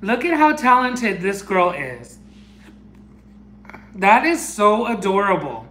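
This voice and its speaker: A gushing, excitable man with a high, bright voice chats his way through an unboxing, squealing now and then and slipping into Spanish phrases. He talks slowly and unhurriedly, and the room around him rings with a noticeable echo. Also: a little hiss or hum. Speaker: unboxing vlogger. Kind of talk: casual chat. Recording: echoey room.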